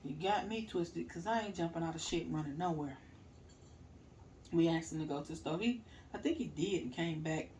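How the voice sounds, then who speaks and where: A middle-aged woman casually telling a story, animated, laughing and swearing as she goes. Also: low-pitched, normal speed, recorded from a distance, slight background noise.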